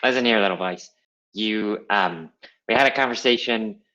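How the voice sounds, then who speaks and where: A man's voice: lowish voice, moderate pace, pushed and bright, dull audio. A man role-playing his character in a tabletop game, talking in a hesitant, earnest way with many fillers. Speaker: player.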